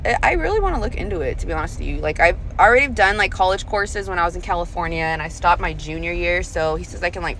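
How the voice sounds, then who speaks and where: A woman's voice: fairly low pitch, fairly bright tone, slight background noise. A woman in her thirties telling rideshare stories in a chatty, profane way, often laughing, recorded in her car. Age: 30s. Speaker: rideshare driver and realtor. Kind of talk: casual storytelling vlog. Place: inside a car.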